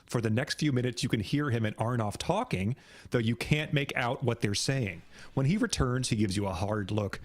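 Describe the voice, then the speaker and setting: Male host, mid pitch, brisk comedic read-aloud. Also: dry recording. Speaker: podcast host reading the book.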